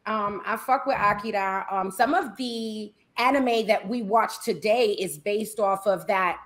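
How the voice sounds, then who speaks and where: A woman with a non-native English accent, a panelist talking in a relaxed, laughing way on a casual game show. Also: medium pitch, a little slow. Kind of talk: casual chat.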